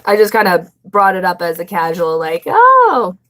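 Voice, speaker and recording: A woman's voice: on the low side, fairly even intonation, fairly quick, slight background noise. A young woman hosting a casual live stream, chatting bluntly with viewers, swearing freely and laughing often.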